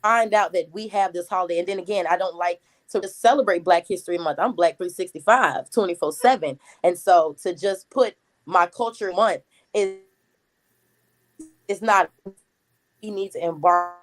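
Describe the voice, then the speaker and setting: A woman in her thirties with a Gullah Geechee accent, a talkative community activist answering interview questions in a steady flow. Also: lowish voice, poor audio. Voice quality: talkative, words flow quickly.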